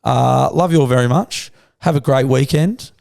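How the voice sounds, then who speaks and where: A man's voice: mid-range voice, normal speed, vocal fry, darkish tone. A man, co-hosting a podcast in laid-back casual chat and swearing freely. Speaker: podcast co-host.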